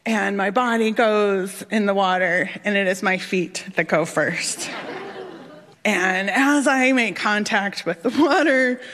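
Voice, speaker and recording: A woman telling a personal story on stage, animated and self-mocking, laughing through her lines. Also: medium pitch, slow pace. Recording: long hall reverb.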